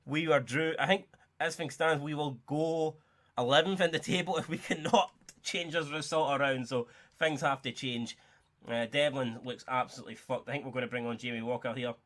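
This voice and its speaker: A young man giving excitable, sweary, joking play-by-play commentary while playing a football video game. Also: mid-range voice. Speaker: gaming YouTuber.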